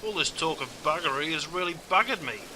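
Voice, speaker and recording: A man's voice: on the high side, expressive, a little fast, sharp tone, slight background noise. A man voicing a cheeky knockabout Australian bloke, talking in a broad, slangy Australian drawl with "mate" at every turn. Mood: jokey explaining. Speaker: slang explainer.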